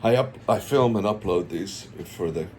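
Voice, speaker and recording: A man hosting a casual chat, playful and quick to slip into put-on voices and quotes. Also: sits low, crowd noise. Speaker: podcast host.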